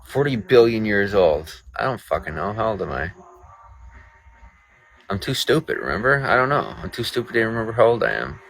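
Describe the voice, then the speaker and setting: Low-voiced man ranting sarcastically outdoors. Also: big pitch swings, fast talker, vocal fry, few pauses, a bit bright, low-quality recording. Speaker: live streamer. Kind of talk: late-night livestream rant. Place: outdoors at night in the rain.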